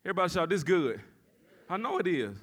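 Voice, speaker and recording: A male pastor in full sermon mode speaks fast and huskily, his very high voice bright and forceful with big swings in pitch. He calls out for the congregation's response and climbs into shouting as he preaches.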